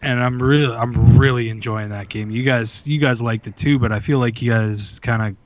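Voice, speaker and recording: A man with a mid-pitched voice talks easygoing and casual on a podcast, often tagging his points with a check-in to the others. The sound is slightly dull and lo-fi. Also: steady tone, moderate pace. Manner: easygoing, often adds "you know what I mean". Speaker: podcast co-host. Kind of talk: casual chat about video games.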